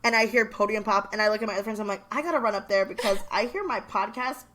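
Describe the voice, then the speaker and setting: A woman's voice: mid-range voice, fast, fairly bright tone. Young female podcast co-host, casual, rambling storyteller with lots of fillers. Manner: chatty storytelling with many fillers. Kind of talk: casual chat.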